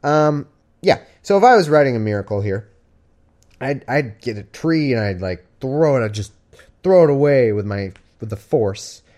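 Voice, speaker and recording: A man hosts a live stream, reading scripture aloud and veering into wry, sarcastic, rambling asides as casual commentary. His medium-pitched voice has lively intonation and a darkish tone, at normal speed.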